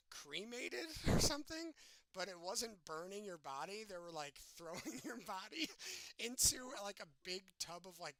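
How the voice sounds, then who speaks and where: Host, young man, high bright voice, rambling giggly storyteller, dry close sound. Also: very animated, moderate pace, dry recording. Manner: rambling, giggly, filler-heavy retelling. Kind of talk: casual storytelling.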